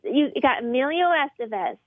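Giggly woman comedian guest, high voice, rambling radio chat. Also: expressive, moderate pace, dry recording, phone-quality sound.

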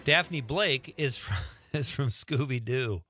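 Bright-voiced chatty radio host man. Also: mid-range voice, lively intonation, slow, faint music behind. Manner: chatty, laughs easily. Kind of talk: casual radio talk.

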